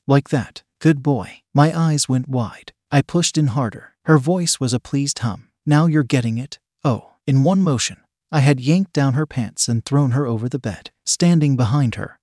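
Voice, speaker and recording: A man narrates a story in the first person with a steady, measured delivery. His voice sits at a middle pitch. The recording is dry, with no room sound around him. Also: no room sound.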